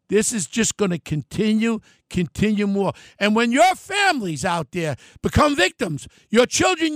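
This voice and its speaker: A man in an angry political rant, shouting in bursts and then dropping low and heavy. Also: no room sound, studio quality.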